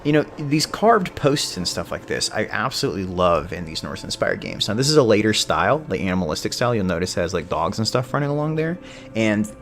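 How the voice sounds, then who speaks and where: Deep-voiced man streaming a game. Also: vocal fry, fairly bright tone. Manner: chatty, rambles into history asides. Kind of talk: casual gameplay commentary. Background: game music.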